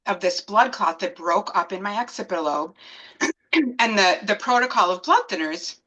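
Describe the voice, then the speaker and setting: A woman in her thirties with a bright, clear tone and a mid-range voice. She tells her story in a casual, animated way and slips into the voices of the people she quotes. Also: medium pitch, low-quality recording. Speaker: guest.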